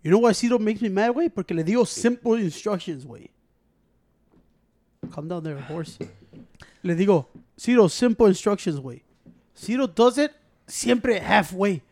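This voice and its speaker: A man with a rather high voice and a Mexican American accent, slipping Spanish into his English. He rants in casual podcast banter, swearing and piling up repeated words. He talks into a microphone at close range. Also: expressive, normal speed, pauses often, a little mellow. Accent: Mexican American English, mixing in Spanish. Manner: profane, ranting, repeats words in bursts. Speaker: podcast co-host.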